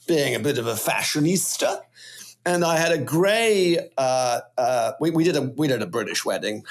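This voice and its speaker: A middle-aged Welsh man telling stories as a podcast guest, animated and rambling in casual chat. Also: a little high. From Wales.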